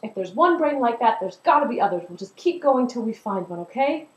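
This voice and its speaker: Lady voicing a peppy little boy tune, high and bouncy, roomy echo. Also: lively intonation, a little fast, lo-fi sound, lightly acted. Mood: encouraging. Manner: exclaiming, upbeat. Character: eager hopeful young male tune, excitable.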